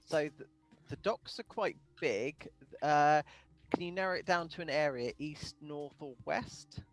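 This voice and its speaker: A man's voice: a little high, a little slow, faint music behind. A man playing a tabletop game, stammering and apologetic. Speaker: player. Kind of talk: tabletop role-play chat.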